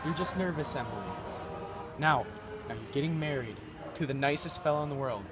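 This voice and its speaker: A man's voice: a little high, fairly quick, natural voice. A man playing a kindly, middle-aged father of the bride who speaks soothingly in an amateur stage play. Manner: soothing, hushing. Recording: noisy with traffic behind.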